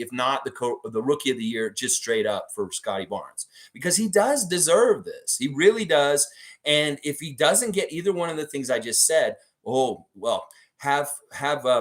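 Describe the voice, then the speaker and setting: A man in his forties from Florida, hosting a casual fan livestream, talking in an excitable, profane, rambling way. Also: medium pitch. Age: 40s. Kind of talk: casual sports fan commentary.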